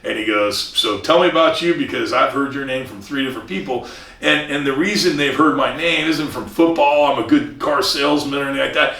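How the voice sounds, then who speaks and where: Speaking a little fast in a mid-range, pushed, bright voice, a man comes through a distant mic in a reverberant space. He's a commercial real estate broker from Southern California, earnestly giving a casual interview, frequently starting over and acting out others' words.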